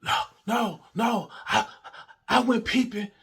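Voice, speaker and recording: A man's voice: high voice, slow, fairly bright tone, pitched above the performer's own voice, heavily acted. A man mimicking a stammering, defensive cop partner. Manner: indignant, stammering. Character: defensive, lazy male police partner.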